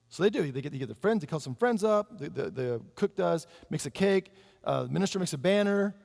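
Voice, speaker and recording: A man preaching in a lively storytelling way, slipping into the voices of the people in his story. His voice sits a little high and has a gravelly edge. It carries a long reverb, as if from a big hall. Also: brisk. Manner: animated storytelling, acting out the characters. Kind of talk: storytelling sermon.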